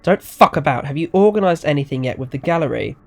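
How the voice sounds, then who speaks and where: A man's voice: a little high, animated, quick pace, creaky, faint music behind. A man voicing a young male photographer who talks in a tense, raised, insistent way.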